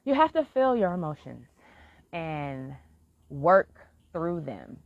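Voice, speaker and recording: Blunt, lively woman on a lo-fi stream. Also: deep voice, takes it slowly, no echo. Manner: blunt, frank, swears freely; earnest, heartfelt encouragement. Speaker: live streamer. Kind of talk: candid live-stream monologue. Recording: dull lo-fi, dry sound.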